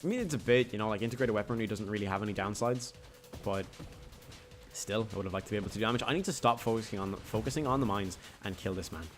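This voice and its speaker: Low-voiced man rambling over gameplay. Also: fast, faint music behind. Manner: rambling, chatty, jokey asides. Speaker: gaming YouTuber. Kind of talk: casual gameplay commentary.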